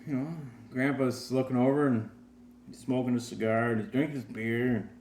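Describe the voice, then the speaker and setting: A laid-back man hosts a casual beer tasting and tells a joke, taking his time with plenty of fillers. His voice sits at a middle pitch. The room is roomy, with faint ambience behind him. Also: steady tone, moderate pace, darkish tone, a little hiss or hum. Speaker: host.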